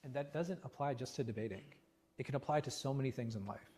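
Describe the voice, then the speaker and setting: A man leading a religious class discussion as imam, animated and full of rhetorical questions, often restarting his words. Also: medium pitch, fast talker, slight background noise. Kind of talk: interactive religious class talk. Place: mosque class room.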